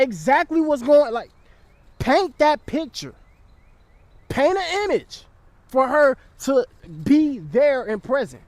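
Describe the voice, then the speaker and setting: A man's voice: extremely high pitch, no echo. A young man giving blunt, profane dating advice in a casual vlog, often checking in with the listener.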